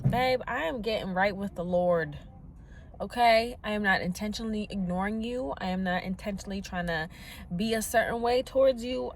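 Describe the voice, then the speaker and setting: A woman's voice: mid-range voice, slight background noise. A woman vlogging as a stay-at-home mom, chatting casually, preaching a little and venting, from a parked truck. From Latina, US. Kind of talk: casual vlog chat.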